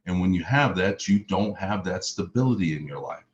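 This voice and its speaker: A man's voice: deep voice, lively intonation, normal speed, muffled recording. A middle-aged man from Mississippi, giving an earnest personal testimony as a motivational speaker, stacking up repeated phrases for emphasis. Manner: earnest, repetitive lists with emphatic rises.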